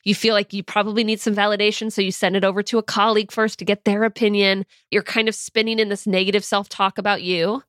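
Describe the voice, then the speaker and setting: A woman's voice: mid-range voice, level tone, fast, hardly any pauses, fairly bright tone, no echo, studio quality. A young woman in a teaching monologue, talking earnestly and casually as a mindset coach and acting out her own anxious thoughts in examples. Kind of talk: teaching monologue with personal stories.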